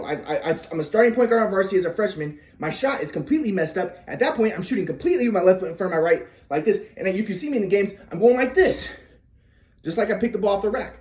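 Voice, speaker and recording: A man's voice: high-pitched, darkish tone, reverberant. A man telling the story of his basketball shooting problems in a casual monologue, stammering and restarting as he acts out footwork and his father's words. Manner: demonstrates footwork while talking, acts out his father's lines.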